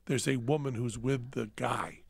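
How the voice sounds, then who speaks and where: Male podcast host, gravelly, dry close sound, self-deprecating storyteller. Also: mid-range voice, fairly even intonation, normal speed, dry recording. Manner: self-mocking storyteller acting out dialogue. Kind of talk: casual storytelling chat.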